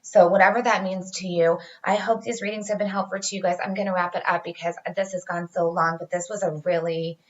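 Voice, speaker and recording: A woman's voice: fairly low pitch, steady tone, brisk, hardly any pauses, muffled recording. A woman giving a casual tarot reading to her viewers, chatty and reassuring, talking straight to them. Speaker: tarot reader.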